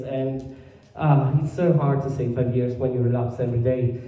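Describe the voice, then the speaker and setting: A man with an Italian accent performing a stand-up comedy set in a halting, deadpan way, full of fillers. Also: mid-range voice. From Italy. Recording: far from the mic in a very echoey room.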